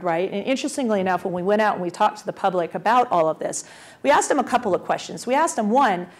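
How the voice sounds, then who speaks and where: Brief: an energetic woman presenting at a conference, asking the audience questions, medium-pitched voice. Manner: energetic, uses rhetorical questions. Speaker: conference speaker, transportation official.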